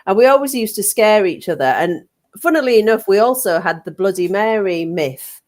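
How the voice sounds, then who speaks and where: A woman's voice: medium pitch, moderate pace. Chatty middle-aged English woman telling a story. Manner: chatty, animated, frequent ums, acts out children's shouts. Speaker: guest telling a personal ghost story. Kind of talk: casual storytelling.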